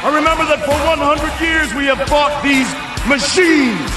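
A fierce war commander rallies his troops against the machines with shouted, defiant resolve. His voice sits very high and strained. It echoes through a roomy space over loud music and a cheering crowd, like a clip from a film. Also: normal speed. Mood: defiant, rousing. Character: adult male war leader rallying troops against machines.

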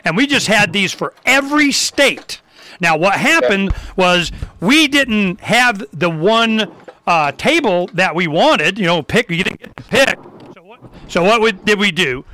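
A man hosting a talk show, delivering a rambling, fired-up rant with sudden loud, emphatic bursts. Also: high voice, expressive, a little slow. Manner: loose and rambling, with restarts. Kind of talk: ranting talk show monologue.

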